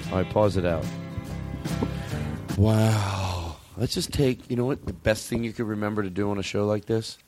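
A man's voice: lowish voice, fast talker, hardly any pauses, darkish tone, faint music behind. A man hosting a comedy podcast in casual chat, rambling and riffing and cutting himself off mid-thought. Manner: rambling, riffing, self-interrupting. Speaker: podcast host.

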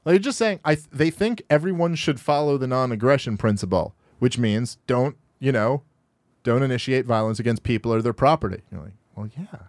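A man's voice: lively intonation, a little fast, darkish tone, dry recording, studio quality. A male podcast host reacting to a video clip, arguing back with exasperation that pushes his voice sharply upward as he rebuts. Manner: exasperated, rising sharply in pitch when rebutting. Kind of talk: argumentative commentary on a played clip. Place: podcast studio.

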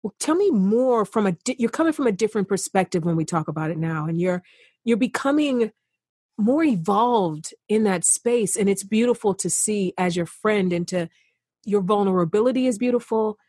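A woman's voice: mid-range voice, expressive, normal speed, a little mellow, husky, no echo, clean studio sound. A woman as a guest in a casual, heartfelt conversation on a remote call, affectionate and chatty with many restarts. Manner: affectionate, calls him honey.

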